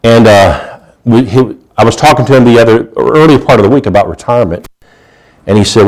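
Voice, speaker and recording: A male pastor preaching a sermon in a folksy storytelling manner. He swings between loud emphasis and hushed asides and often restarts his sentences. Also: medium pitch, brisk.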